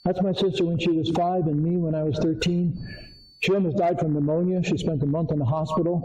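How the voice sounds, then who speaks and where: In a muffled recording, an older artist from Connecticut, USA, speaks at a fairly quick clip in a slightly high, level, darkish voice. He is presenting his artwork in a seminar talk to a live audience at a community arts center meeting room, rambling through stories with frequent fillers and restarts.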